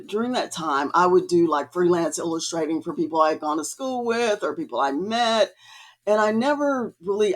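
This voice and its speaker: A woman artist, a podcast guest, telling her story in a casual, chatty way with many fillers. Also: lowish voice. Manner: chatty, many fillers, acts out quoted dialogue.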